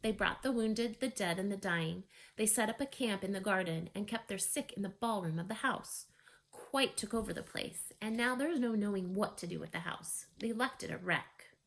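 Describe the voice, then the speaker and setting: A woman's voice: medium pitch, animated, moderate pace, natural voice. A woman voicing a stern older female housekeeper with a Yorkshire accent, scolding and disapproving. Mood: indignant.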